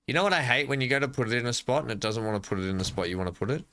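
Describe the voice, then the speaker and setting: A man with an Australian accent talks through a building game in loose, rambling commentary. His voice is bright and forward, at a middle pitch for a man. He jokes and answers his own questions as he goes. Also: racing, a little hiss or hum. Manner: rambling, playful, talks to himself. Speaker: gaming channel host. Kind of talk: casual gameplay commentary.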